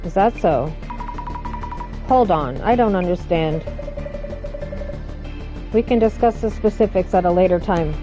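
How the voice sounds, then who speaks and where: Over music, a woman with a lowish, expressive voice reads a game's dialogue aloud at a measured pace with long pauses. As a let's-play narrator, she voices every character in turn with dramatic delivery.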